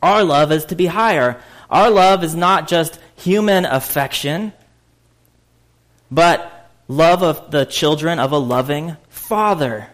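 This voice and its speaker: A man gives a sermon in a conversational tone. He has a slightly higher-than-average voice and a casual, restarting delivery. It is broken by loud, laughing bursts. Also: animated, slow. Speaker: pastor.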